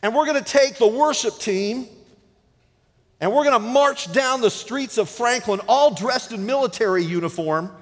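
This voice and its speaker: A man preaching a sermon as pastor, dynamic, often dropping to a hushed low voice for emphasis. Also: animated, normal speed. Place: church sanctuary. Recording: reverberant church sanctuary.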